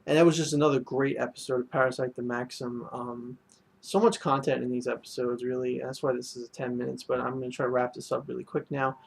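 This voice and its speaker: A man talks through an anime episode in a loose, rambling review. His voice has a gravelly, creaky texture at a middling pitch. He fills his sentences with "you know" and restarts. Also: flat delivery, quick pace. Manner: rambling, heavy on fillers and restarts. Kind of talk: casual spoken review.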